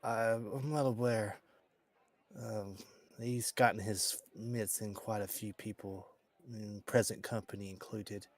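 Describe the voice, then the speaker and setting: A man playing a tabletop role-playing game, speaking in character in a hesitant, halting way. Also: on the low side, steady tone, no echo. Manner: hesitant, halting, full of fillers. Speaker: player.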